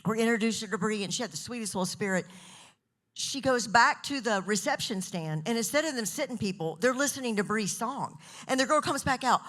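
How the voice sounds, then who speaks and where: A middle-aged woman giving a casual women's ministry talk, telling stories and acting out other people's voices. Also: fairly quick. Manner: animated, acts out quoted voices with big pitch jumps. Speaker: pastor's wife leading a women's talk. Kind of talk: casual sermon storytelling.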